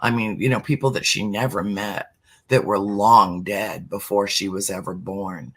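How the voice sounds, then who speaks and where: A middle-aged speaker talking earnestly about spirituality as a podcast guest, slowing down to stress words. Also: deep voice, fairly even intonation, fairly bright tone. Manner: earnest, emphatic, slows for emphasis. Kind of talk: heartfelt spiritual talk.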